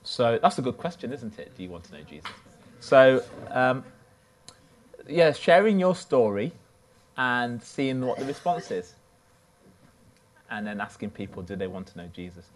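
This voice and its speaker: A man delivers a sermon as a relaxed storyteller, chatting his way through an everyday tale. He talks at a middle pitch, neither deep nor high. His delivery is loose and conversational rather than formal. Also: measured pace, pauses often, a little hiss or hum. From United Kingdom. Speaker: preacher.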